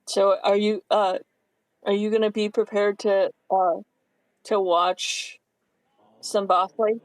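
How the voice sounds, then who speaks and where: A man with a high, light voice co-hosts a live sports stream and calmly walks through scores and facts. His delivery is steady and informative, dotted with little fillers. The sound is close and dry. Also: takes it slowly, no room sound, rough recording. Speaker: commentator. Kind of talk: casual live-stream commentary.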